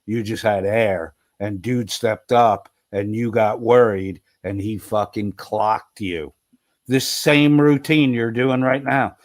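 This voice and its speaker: A man's voice: lowish voice, fairly even intonation, slow pace. A man scolding another participant in a heated online debate, swearing for emphasis.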